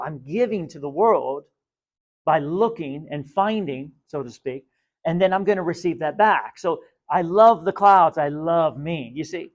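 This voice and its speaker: A man giving a spiritual teaching talk in an emphatic way, repeating key phrases and asking the listener questions. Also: fairly high pitch.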